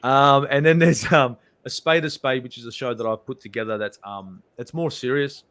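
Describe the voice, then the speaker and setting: Australian bloke, football channel host, dry jokey rambler, mid-pitched, video call. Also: male voice, moderate pace, a bit bright. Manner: joking, rambling, self-deprecating. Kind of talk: casual video-call chat.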